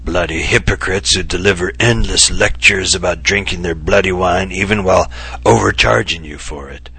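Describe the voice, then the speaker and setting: A man's voice: on the low side, unhurried, vocal fry, pushed and bright, husky, exaggerated voice. A man doing an impish, ailing old writer. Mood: mock-grave. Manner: mock-serious, mischievous, coughing bouts. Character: impish ailing older male writer, theatrical.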